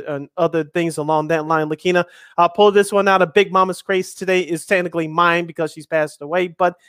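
A man's voice: a little high, a bit bright, no echo, studio quality. A man in his thirties hosting a live sports radio show, chatty and jokey, reading out lists with emphasis. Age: 30s. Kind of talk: casual radio sports talk.

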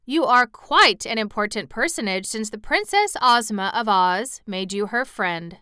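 A woman reading aloud and voicing a grand, gracious male fox king in a storybook, with a courtly, flattering manner. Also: on the high side, a little slow, smooth, no room sound, studio quality.

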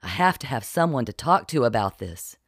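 Man reading a hesitant, pleading middle-aged woman in an audiobook, lifted a little higher than his own voice, recorded dry. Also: very animated, brisk, gravelly, a bit bright, slightly rough, no echo, exaggerated voice. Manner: hesitant, defensive. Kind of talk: audiobook character voice.

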